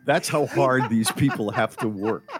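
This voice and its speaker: A man hosting a radio show in casual chat, whose voice jumps high when he gets indignant. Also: a little slow, over music.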